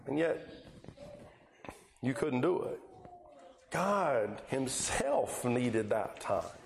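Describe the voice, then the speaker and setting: Speaking very slowly at medium pitch, with vocal fry, long pauses and a roomy sound, a very animated preacher narrates Bible stories in his sermon, voicing the people in them as he acts out their lines.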